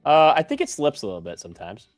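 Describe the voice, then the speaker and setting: A young man co-hosting a live trading stream, joking around quickly and swearing casually. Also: fairly high pitch, huge pitch swings, no echo, faint music behind. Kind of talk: casual chat.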